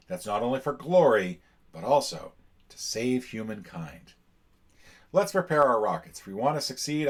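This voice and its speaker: A man's voice: medium pitch, husky, voice pushed up. A man reading out the lines of an earnest male space captain rallying his crew, in a raised, rousing delivery. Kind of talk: reading a campaign book aloud.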